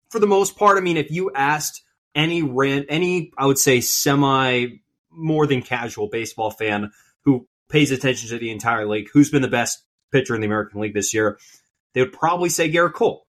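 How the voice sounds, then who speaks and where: A man co-hosting a sports podcast, talking earnestly and rambling through points with restarts. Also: medium pitch. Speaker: podcast co-host. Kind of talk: casual sports chat.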